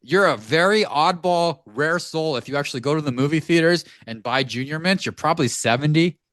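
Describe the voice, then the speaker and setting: A man co-hosting a podcast, telling a story in an animated, profane ranting way from a home studio. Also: on the high side, brisk, dry recording. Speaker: podcast co-host. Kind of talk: casual podcast chat.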